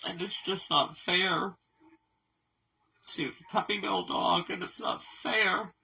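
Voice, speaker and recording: A woman who runs an animal rescue, talking candidly in a casual vlog update, rambling and halting with fillers. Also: lowish voice, fairly even intonation, gravelly, bright, forceful tone, slightly rough. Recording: voice somewhat far from mic.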